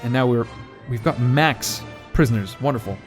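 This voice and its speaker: A man's voice: mid-range voice, moderate pace, faint music behind. A man giving casual let's play commentary as a gaming channel host, joking with wry asides and chuckles.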